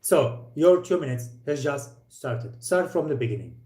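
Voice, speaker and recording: Esl teacher guy correcting a student, higher voice but mellow, echoey classroom. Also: expressive. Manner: direct, corrective, with frequent pauses and playful asides. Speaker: IELTS speaking teacher. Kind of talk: live speaking lesson feedback. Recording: echoey room.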